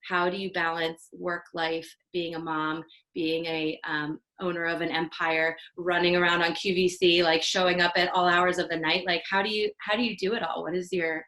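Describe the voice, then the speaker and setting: A woman's voice: lowish voice, little pitch movement, moderate pace, few pauses, sharp tone, low-quality recording. A woman hosting a casual interview podcast, enthusiastic and affirming toward her guest. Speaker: podcast host.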